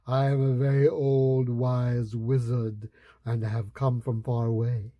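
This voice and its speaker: A man voicing a very old, wise wizard who speaks slowly in a mysterious hush. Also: mid-range voice, level tone, dry recording, lo-fi sound, lightly acted. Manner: slow, hushed whisper.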